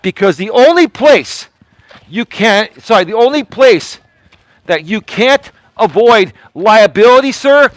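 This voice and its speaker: A man's voice: sits high, expressive, unhurried, dry recording, poor audio. A man hosting a live walking vlog outdoors, speaking emphatically and repeating his points while holding his phone on a selfie stick. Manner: emphatic, repetitive, addressing someone directly. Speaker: vlogger host.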